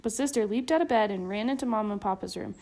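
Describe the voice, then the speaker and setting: A woman reading a children's storybook aloud in a gentle, even storytelling manner. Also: medium pitch, fast talker. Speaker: storybook reader.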